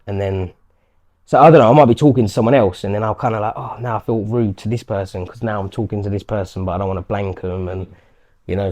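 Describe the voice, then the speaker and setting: In a casual interview, a man who fights professionally talks in a warm, fairly low voice. Chatty throughout, he performs the lines strangers have said to him.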